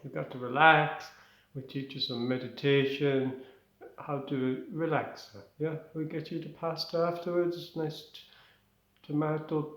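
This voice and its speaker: A man's voice: mid-range voice, fairly even intonation, rapid-fire, hardly any pauses, darkish tone, roomy sound, natural voice, rough recording. A man doing a hammy Italian-accented Roman professor. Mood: soothing. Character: pompous male Roman surgery professor, mock Italian accent.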